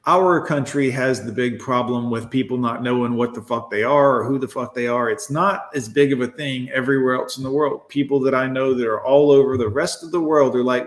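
A man's voice: medium pitch, steady tone, a little fast, hardly any pauses, echoey room. A man hosting a livestream, ranting sarcastically and profanely as he reacts to posts and talks to his chat. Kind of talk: ranting live commentary.

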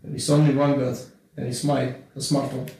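A man's voice: mid-range voice, flat delivery, moderate pace, a little mellow. A man playing a tabletop game, trading joking in-character lines. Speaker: player. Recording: roomy, distant mic.

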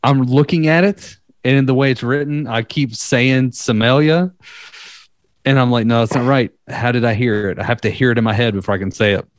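A man's voice: medium pitch, fairly even intonation, a little fast, no room sound. A man chatting casually, retelling a myth in a loose, profane way and acting out the quotes. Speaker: podcast co-host.

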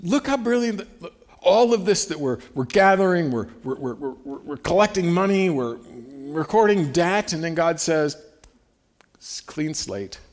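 A man's voice: sits high, lively intonation, moderate pace. Man preaching a conversational sermon. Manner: conversational, emphatic with restarts and scripture reading. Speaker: pastor.

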